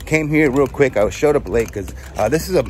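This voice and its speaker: A man hosting a vlog, talking to his viewers in a hurried, chatty way. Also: mid-range voice, animated, a little mellow, slight background noise. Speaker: vlogger host. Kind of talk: casual vlog narration.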